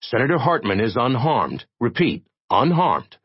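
A man's voice: mid-range voice, big pitch swings, unhurried, husky, no room sound, lo-fi sound. Man reading as a solemn TV news announcer. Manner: solemn, formal news delivery.

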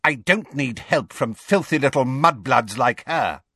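A cocky teenage schoolboy whose voice jumps high when he yelps and shouts, as a man reads him in a storybook. He sounds brash and showy, with wide swings in his pitch, recorded close and dry. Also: expressive, measured pace, husky, dry recording, heavily acted.

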